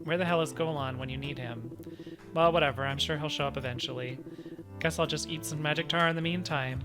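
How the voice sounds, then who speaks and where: A crude, grumbling monster who swears and drops slang, as a man reads him out. The voice sits a bit high for a man, and game music plays clearly underneath. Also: steady tone, fairly quick, lightly acted. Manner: gruff, swearing, slangy drawl. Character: gruff grumpy male monster, rude and crude. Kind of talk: reading game dialogue aloud. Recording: game music playing behind.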